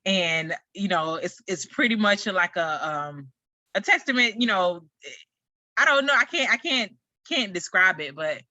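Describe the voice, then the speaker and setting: Bright-voiced chatty woman podcast host. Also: lowish voice, a little slow, dry recording, dull audio. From United States. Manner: chatty, rambling, animated retelling with frequent fillers. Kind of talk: casual solo podcast chat.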